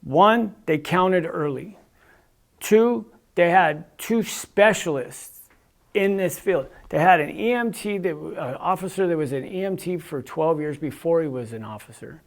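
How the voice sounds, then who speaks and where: A man's voice: on the high side, lively intonation, a little slow, creaky. A man giving an earnest casual testimony as a guest, with many "you know"s and restarts as he tells his story.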